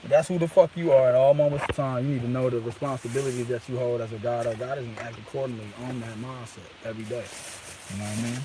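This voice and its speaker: A man's voice: medium pitch, fairly even intonation, quick pace, dark tone, slight background noise, poor audio. A man rambling grandly and profanely into a handheld phone outdoors, peppering his talk with "you know what I mean". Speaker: vlogger.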